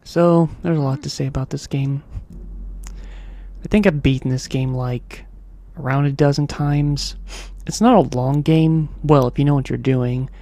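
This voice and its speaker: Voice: mid-range voice, steady tone, unhurried, warm tone. Rambling casual gameplay commentator. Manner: rambling, chatty, hums little tunes.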